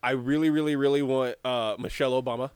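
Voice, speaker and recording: A man chatting casually on a podcast, animated, acting out imagined dialogue and laughing often. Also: medium pitch, fast talker, clean tone, no room sound. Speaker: podcast co-host. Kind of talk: casual chat.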